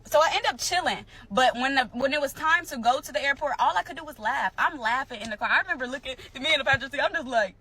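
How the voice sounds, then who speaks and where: A young woman tells her followers a personal story in a high-pitched voice. Her tone is bright and sharp. She talks casually, animated and emphatic, and circles back over the same phrases. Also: fast talker, hardly any pauses. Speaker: storyteller in a social media clip.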